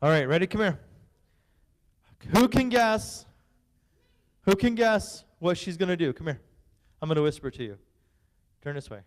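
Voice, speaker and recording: A man with a high, smooth voice runs a kids' game as youth pastor. He jokes and teases and hurries the group along. His voice rings out in a church hall with a long echo. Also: expressive, normal speed, pauses often. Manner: playful, teasing, bossy with the kids.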